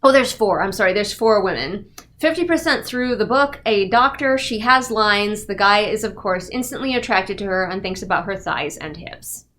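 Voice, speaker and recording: A woman's voice: medium pitch, expressive, moderate pace, fairly bright tone, a little hiss or hum. A woman giving a casual, sarcastic and exasperated book review rant.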